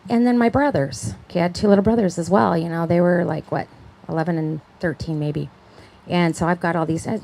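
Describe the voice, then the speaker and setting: A woman's voice: on the low side, steady tone, fairly quick, vocal fry, mellow, rough recording. A middle-aged woman giving a personal testimony talk, chatty, acting out the voices of people she quotes and often checking in with "right?". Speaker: conference speaker.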